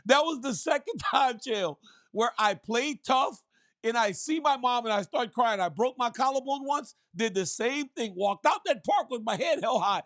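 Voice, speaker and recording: Male co-host, animated, laughing storyteller with a fairly high voice. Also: normal speed. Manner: animated storyteller, laughs through his stories. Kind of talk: casual talk show chat.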